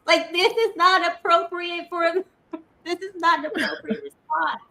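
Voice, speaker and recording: A woman's voice: very high voice, steady tone, unhurried, sharp tone. A woman hosting a casual podcast chat over a video call, playful and laughing often as she acts out what people said. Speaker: podcast host.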